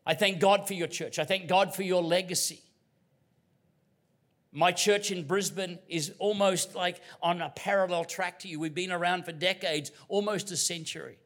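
A middle-aged Australian man from Queensland preaching a sermon as a guest pastor, telling stories with humor and dropping to hushed tones. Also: high-pitched, steady tone, moderate pace. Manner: storytelling with humor, dynamic swings from loud to hushed. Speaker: visiting pastor.

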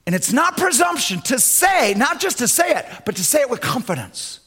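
A male pastor preaching in a husky, fairly high voice. He swings from loud, emphatic declarations down to low, quiet asides, and his pitch moves a lot as he drives each point home. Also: very animated, moderate pace. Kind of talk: sermon.

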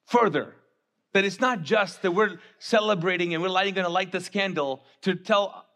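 High-voiced man preaching a lively sermon. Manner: animated, conversational preaching with acted-out asides. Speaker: pastor. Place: church sanctuary.

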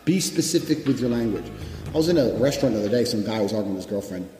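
A man's voice: on the low side, expressive, racing, warm tone. Brash motivational speaker, a man swearing hard and hammering each point, long hall echo. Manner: blunt, profane, emphatic. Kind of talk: motivational speech. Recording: echoey hall reverb with background music.

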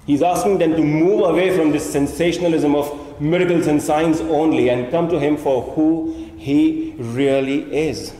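A man's voice: fairly high pitch, normal speed, hardly any pauses. Man preaching in an echoey hall. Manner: animated, voices imagined speakers in asides. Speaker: pastor. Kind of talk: sermon.

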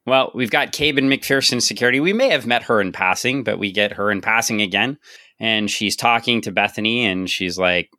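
A man with a bright, forceful voice sits low in pitch and talks through a comic book plot on a casual podcast. He recaps scenes briskly and drops jokes along the way. The sound is close and dry. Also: dry recording. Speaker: podcast co-host.

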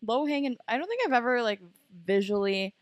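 A young woman hosts with an excitable, goofy energy. Her high voice swings widely up and down. The recording is dry, with no room echo. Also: brisk. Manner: excitable, goofy, laughs a lot. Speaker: podcast host. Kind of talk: casual podcast chat.

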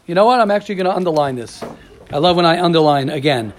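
A man teaching a religious study class in a casual, animated lecture, telling stories and calling on students by name. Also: fairly high pitch, fast talker.

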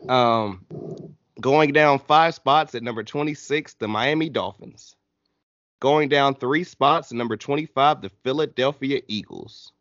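A man hosting a casual sports podcast with friends, reading through rankings in a steady way. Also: medium pitch, no room sound, muffled recording. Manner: slow, listing rankings in a steady read. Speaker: podcast host.

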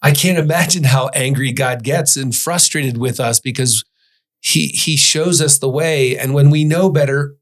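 A man hosting a faith podcast, talking through Bible passages in an earnest way and reading verses aloud slowly. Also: mid-range voice. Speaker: podcast host. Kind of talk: Bible study discussion.

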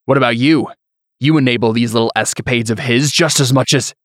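Brief: proud, short-tempered blacksmith, read by a man, plain mid pitch, dry mic. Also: fairly quick, no echo, close to an everyday voice. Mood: snapping. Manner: curt and defensive, barely holding his temper. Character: tense, proud middle-aged blacksmith.

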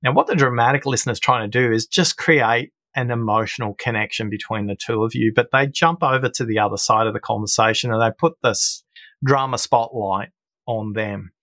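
Middle-aged male guest, explanatory storyteller, average pitch, dry close sound. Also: fairly quick, fairly bright tone, no echo. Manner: storytelling, explanatory, acts out quoted voices. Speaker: guest, listening expert. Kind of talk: conversational interview.

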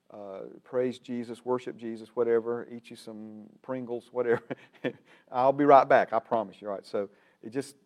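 A man from Alabama with a Southern American accent, teaching a Bible class in a folksy, casual way and repeating key phrases slowly for emphasis. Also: mid-range voice, darkish tone. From Alabama, United States.

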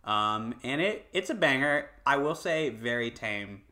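Bright-voiced young man chatting casually. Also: medium pitch, expressive, unhurried. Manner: rambling, swears casually, lots of fillers. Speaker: podcast co-host. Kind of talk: casual chat.

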